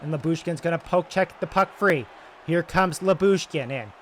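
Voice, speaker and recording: A young man doing excitable play-by-play commentary over a video game, moving between loud calls and quiet asides, his voice getting strained. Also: on the high side, moderate pace, a little hiss or hum. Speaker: gaming YouTuber doing play-by-play.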